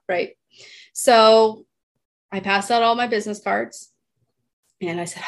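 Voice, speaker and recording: A woman in her thirties from Texas presents slides in a chatty, personal way, checking in with her listeners again and again. Her voice sits at a middle pitch for a woman. She speaks as an animal chiropractor coaching others and at times turns emotional. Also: steady tone, slow pace, pauses often. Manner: chatty, keeps asking "right?", emotional in places.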